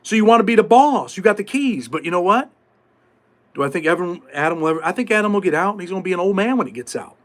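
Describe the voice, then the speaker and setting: A man's voice: high voice, lively intonation, quick pace. A middle-aged man hosting a live stream, talking casually in streetwise slang with swearing, acting out voices from prison life as he tells stories. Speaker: podcast host.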